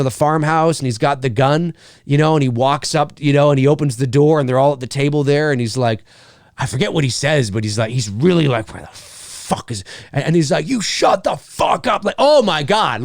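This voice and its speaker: A man's voice: fairly high pitch, a little mellow, dry recording, studio quality. A man hosting his own show, talking casually about movies, rambling with many restarts. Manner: rambling, restarts often, acts out movie lines. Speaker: host. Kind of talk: casual solo movie talk. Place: home room with lights and cameras.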